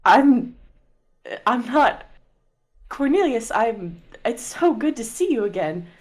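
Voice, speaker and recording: A woman's voice: on the high side, sing-song, slow pace, voice pushed up, heavily acted. A woman voicing a flustered young woman who hesitantly greets an old friend.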